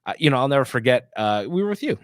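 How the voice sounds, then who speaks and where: A man in his thirties, co-hosting a casual studio chat and telling family stories, animated when he quotes his kids. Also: mid-range voice, rapid-fire, dry recording. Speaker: show co-host.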